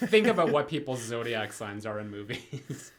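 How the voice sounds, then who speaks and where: A man's voice: mid-range voice, sing-song, moderate pace, crowd noise. Stammering male podcast co-host. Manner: hesitant, stammering, laughs often. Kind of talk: casual chat.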